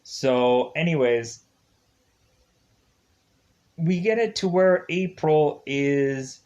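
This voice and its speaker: A man's voice: on the high side, extremely slow, darkish tone, muffled recording. A man giving a casual spoken movie review, retelling the plot in a rambling way with many fillers and restarts. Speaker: film reviewer.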